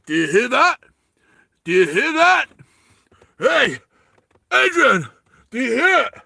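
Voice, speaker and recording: A man playing a desperate action-hero mountain climber, yelling frantically. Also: very high-pitched, sing-song, slow pace, vocal fry, breathy edge, dry recording, clean studio sound, voice pushed up, heavily acted. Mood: alarmed. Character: desperate shouting action-hero climber, male, middle-aged.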